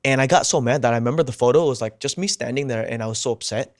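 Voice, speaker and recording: Animated man telling a story. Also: mid-range voice, racing, dry recording, studio quality. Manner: animated, swears casually, acts out quotes. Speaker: podcast guest. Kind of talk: casual storytelling.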